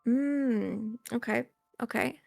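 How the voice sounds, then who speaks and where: A woman running a tabletop game on stream as game master, chatty and quick to laugh. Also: a little high, creaky, a little mellow, dry recording, clean studio sound, soft background music.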